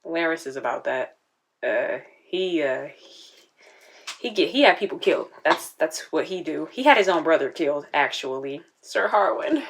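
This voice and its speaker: A woman's voice: sits low, expressive, normal speed, slight background noise. A woman hosting a casual reaction video, chatting and talking back at the screen.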